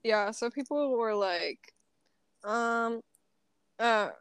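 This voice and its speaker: A woman's voice: a little high, extremely slow, fairly bright tone, smooth, dry recording. A young woman co-hosting a casual chat, rambling with lots of fillers and giggles. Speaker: co-host.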